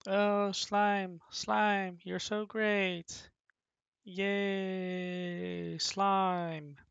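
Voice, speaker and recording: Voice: mid-range voice, little pitch movement, extremely slow, gravelly, a bit bright, clear, resonant tone, no room sound, pitched above the performer's own voice, heavily acted. A speaker voicing a small, eager male goblin minion who gushes and cheers in a raised voice, on a dull, dry lo-fi mic. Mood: adoring. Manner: gushing, cheering.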